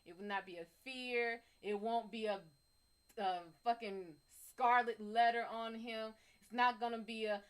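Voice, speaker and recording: A woman's voice: fairly high pitch, unhurried, clean tone. A woman hosting a live psychic reading, talking casually, swearing freely and laughing between stories. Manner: animated, profane, laughing. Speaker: psychic reader, live stream host.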